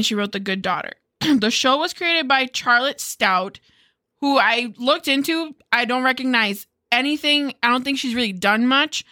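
A woman's voice: a little high, sharp tone. A woman hosting a casual podcast chat, chatty and giggly, swearing freely as she recaps a show. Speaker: podcast host.

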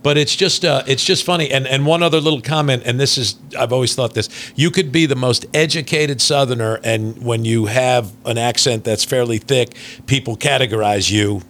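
A man's voice: medium pitch, moderate pace, few pauses, fairly bright tone, a little hiss or hum. A man from New Jersey with a faint New Jersey accent, co-hosting a podcast and telling stories in casual chat. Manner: talkative, storytelling, jokey. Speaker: podcast co-host. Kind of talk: casual conversation.

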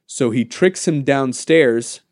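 A man co-hosting a casual podcast, retelling a story in an animated way, swearing and laughing easily. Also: mid-range voice, slow pace, no room sound, clean studio sound. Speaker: podcast co-host. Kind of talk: casual chat.

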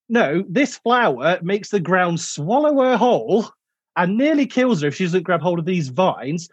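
A man's voice: high voice, very animated, normal speed, slightly rough, dry recording, muffled recording. A man chatting casually about a film, rambling with many fillers and restarts. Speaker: podcast co-host.

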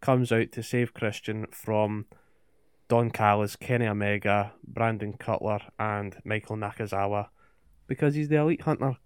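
A man's voice: fairly low pitch, fairly even intonation, moderate pace, clean tone, no echo, studio quality. A man co-hosting a podcast, recapping wrestling in casual chat with swearing and rhetorical questions. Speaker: podcast co-host.

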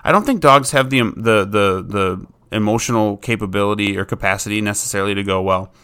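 A man's voice: on the low side, fairly quick, bright, forceful tone, clear, resonant tone. Plain-spoken man explaining dog training. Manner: informal, plain-spoken, acts out what a dog thinks. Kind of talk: casual instructional talk.

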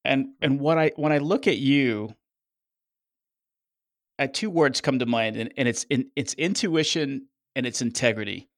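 A man's voice: mid-range voice, measured pace, no room sound, clean studio sound. A man hosting a long-running interview show, asking earnest, thoughtful questions with some restarts. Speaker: podcast host.

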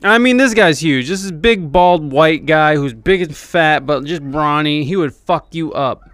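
A man's voice: fairly high pitch, measured pace, fairly bright tone, no echo. A young man hosting a podcast, telling a rambling, profane story about a gig in a casual, self-deprecating way. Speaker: podcast host and band keyboardist.

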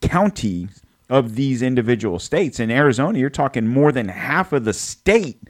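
In casual political chat on a podcast he co-hosts, a man rambles, curses and repeatedly corrects himself. He has a medium-pitched, very animated voice and a moderate pace.

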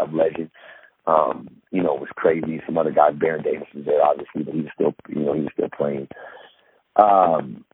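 A man casually telling a long story, rambling with many fillers and restarts and acting out what people said. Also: sits low. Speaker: podcast guest, former pro basketball player. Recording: tinny phone-like line with faint noise.

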